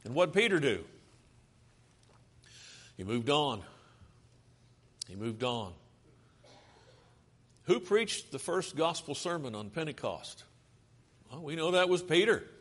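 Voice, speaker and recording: A man's voice: on the high side, fairly bright tone. A man preaching a sermon, earnest and pleading, asking his listeners rhetorical questions.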